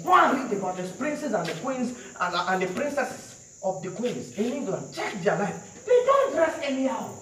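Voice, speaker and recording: A man's voice: extremely high pitch, a bit bright. A man preaching, emphatic and repetitive, quizzing his congregation. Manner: emphatic, repeats lines, questions the congregation. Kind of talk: sermon. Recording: very echoey hall from far off, faint noise.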